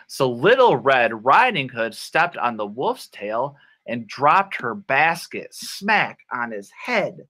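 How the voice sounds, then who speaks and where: In a playful online English lesson for children, a man reads from a storybook and acts out the words. He speaks slowly, clearly and animatedly in a mid-range voice.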